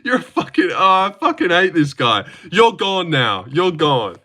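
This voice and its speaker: A man's voice: high-pitched, huge pitch swings, measured pace, sharp tone. A man streaming live, reading chat comments aloud and answering them in profane, heated rants.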